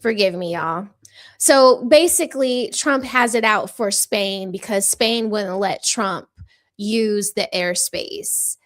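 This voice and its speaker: A woman's voice: mid-range voice, slow pace, fairly bright tone. A woman hosting a casual political commentary show, chatty and rambling as she reads news articles aloud and talks to her viewers.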